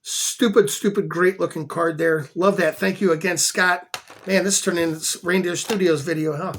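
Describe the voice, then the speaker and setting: A man's voice: high voice, steady tone, normal speed, a bit bright, slight background noise. A man showing off his flea market finds in a casual vlog, enthusiastic and chatty, repeating words for emphasis. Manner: chatty storyteller. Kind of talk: casual show-and-tell vlog.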